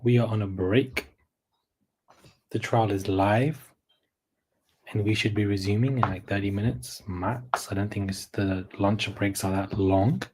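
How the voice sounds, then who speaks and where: A man hosting a casual livestream, chatting straight to his viewers in a relaxed, murmuring way. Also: on the low side, measured pace, slight background noise. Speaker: livestream host.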